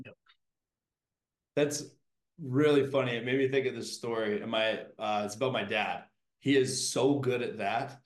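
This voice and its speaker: A man hosts a podcast in a loose, chatty way, spinning stories with animated asides. His voice sits at an ordinary middle pitch. The room around him rings with noticeable echo. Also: normal speed, long pauses. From Canada. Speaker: podcast host. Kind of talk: casual interview chat. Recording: roomy echo.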